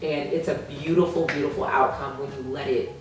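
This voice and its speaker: Woman, relationship coach, low voice, calm and measured, echoey room. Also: recorded from a distance, slight background noise. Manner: calm, measured advice-giving. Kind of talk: casual interview chat.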